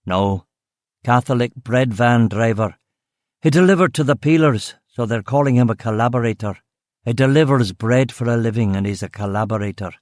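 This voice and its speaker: A man's voice: mid-range voice, normal speed, no echo, clean studio sound, close to an everyday voice. A man voicing a grizzled, blunt detective chief of about fifty, with a faint Scottish accent. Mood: gruff, weary. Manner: blunt, gruff, swearing.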